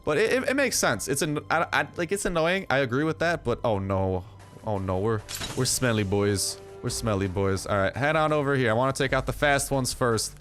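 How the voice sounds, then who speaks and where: A man's voice: mid-range voice, big pitch swings, fairly quick, a bit bright. Young male gaming YouTuber, loose filler-heavy jokey delivery, faint music bed underneath. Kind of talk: casual gameplay commentary.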